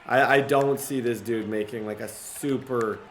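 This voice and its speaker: A young man giving casual gameplay commentary as a gaming video creator, excitable and repetitive, cheering his own plays. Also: medium pitch, measured pace, a little hiss or hum. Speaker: gaming YouTuber. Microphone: desk mic, no face cam.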